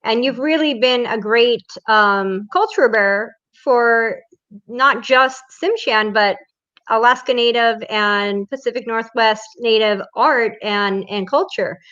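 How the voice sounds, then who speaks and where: A young woman student asks interview questions in a somewhat high voice, circling around her point with fillers and restarts. The sound is dull and muffled. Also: slow, fairly bright tone. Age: young adult. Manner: hesitant, filler-heavy.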